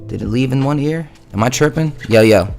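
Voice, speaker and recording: A man's voice: mid-range voice, animated, brisk, a little mellow, soft background music. A young man livestreaming from home, chatting loosely with his viewers, swearing freely and rambling through his talk. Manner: loose, profane, talks to chat. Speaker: livestreaming musician. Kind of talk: casual livestream chat. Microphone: studio mic through interface.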